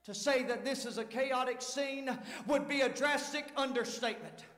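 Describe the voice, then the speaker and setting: A man preaching a sermon as pastor, dramatic, swinging from shouts to hushed tones. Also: extremely high pitch, moderate pace. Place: large church sanctuary. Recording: echoey hall with long reverb.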